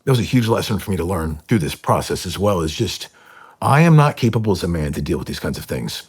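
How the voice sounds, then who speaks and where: A middle-aged man speaking as a podcast guest, telling an emotional personal story in an earnest, halting way with many fillers and restarts. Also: low-pitched, big pitch swings, slightly rough. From United States.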